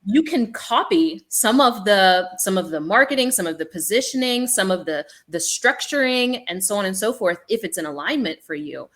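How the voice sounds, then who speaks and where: A woman speaking as an initiated shaman with a business background on a panel, an animated storyteller with many ums. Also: mid-range voice, moderate pace, few pauses.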